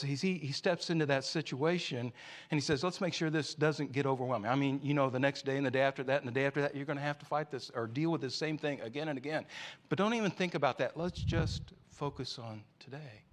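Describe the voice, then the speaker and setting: A man preaching a sermon, a storyteller who climbs to loud peaks and drops to soft near-whispers. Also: fairly high pitch. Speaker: pastor.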